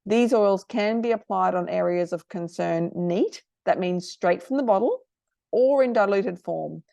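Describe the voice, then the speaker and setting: This is a middle-aged woman hosting a casual talk for parents, earnest and heartfelt. Her voice carries a gravelly fry. The sound is dry and close, with no room around it. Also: medium pitch, a little slow, no room sound. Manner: earnest, gets emotional, warm advice. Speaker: host.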